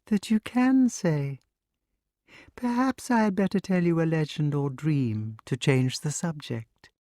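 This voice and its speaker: A man voicing a patient old male grass snake with a sing-song, gently affectionate way of talking, in an audiobook. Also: a little high, expressive, measured pace, no echo, studio quality, voice pushed up. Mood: patient, musing. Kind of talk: audiobook character reading.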